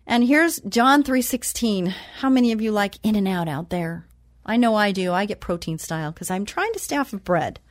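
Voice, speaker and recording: A woman hosting a Christian talk show who reads scripture slowly and with emphasis, then chats casually. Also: medium pitch, lively intonation, dry recording, clean studio sound.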